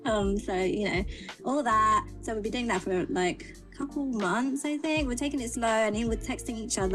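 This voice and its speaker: Brief: young British woman, animated storyteller, slightly high pitch. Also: moderate pace, soft background music. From Britain. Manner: animated storyteller, acts out quotes. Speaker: guest. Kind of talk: casual chat.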